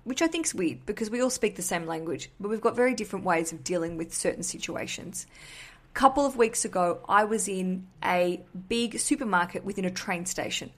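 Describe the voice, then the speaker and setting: A young adult woman with an Australian accent, hosting a podcast and telling a story in a chatty, candid way that includes casual swearing. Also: medium pitch. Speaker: podcast host.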